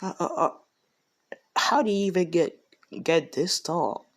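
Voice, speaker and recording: A man voicing an anxious, tearful middle-aged mother in a high, wavering, stammering falsetto. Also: lively intonation, measured pace, rough recording. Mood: astonished.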